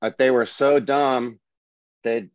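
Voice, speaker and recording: A man's voice: medium pitch, fairly even intonation, slow, dry recording. A man co-hosting a podcast in casual chat, ranting in a laid-back way with swearing and laughter. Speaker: podcast co-host. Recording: dry, dull lo-fi sound.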